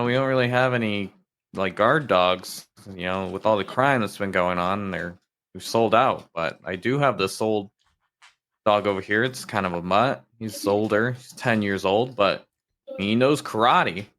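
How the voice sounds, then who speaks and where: A man with a bright, somewhat low voice tells jokes on a casual podcast. He swears freely and slips into the characters' lines as he goes. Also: a little slow. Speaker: podcast co-host. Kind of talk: casual chat, telling jokes.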